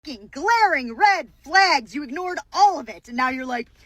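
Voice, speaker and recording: A woman's voice: high-pitched, lively intonation, normal speed, pushed and bright, no echo. A woman delivering an angry, sarcastic reaction rant, mocking and swearing as she talks. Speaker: commentator.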